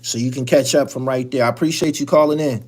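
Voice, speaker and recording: A man hosting a call-in live stream, talking in a loose, unscripted way. He is blunt and profane, and he often restarts his sentences as he rambles through his thoughts. His pitch sits in the middle range. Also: fairly even intonation, quick pace, a little mellow. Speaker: call-in show host.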